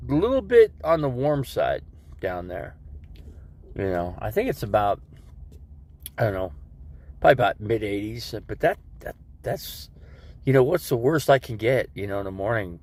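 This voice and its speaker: Stuffy-nosed man rambling on a stream. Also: lowish voice. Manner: rambling, talks to his viewers. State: stuffed nose, coughing. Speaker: live-streaming vlogger. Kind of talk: casual live-stream chat. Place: living in an RV.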